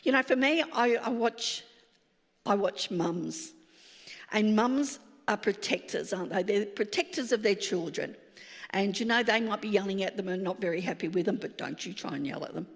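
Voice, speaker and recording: A woman, a pastor telling a lively personal story in a sermon, acting out the dialogue. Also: medium pitch, normal speed, in a large hall. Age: 60s.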